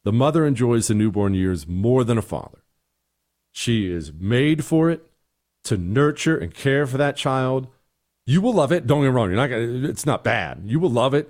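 A man's voice: medium pitch, a little mellow. Blunt exasperated man ranting on air. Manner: blunt, exasperated, mocking voices in quotes. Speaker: talk show host. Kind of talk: opinionated political talk and listener emails.

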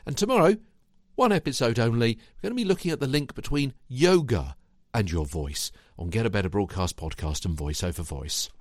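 A man hosting his own podcast, coaching listeners through voice warm-up exercises in a lively, sing-song way. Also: fairly quick, dry recording, studio quality. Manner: lively, sing-song delivery with big pitch swings. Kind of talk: solo instructional podcast.

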